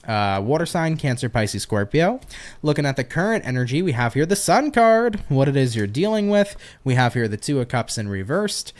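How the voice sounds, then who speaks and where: A man's voice: mid-range voice, a little mellow. A man giving a daily horoscope tarot reading, affectionate and encouraging, calling his listeners baby and rambling in upbeat phrases. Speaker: tarot reader.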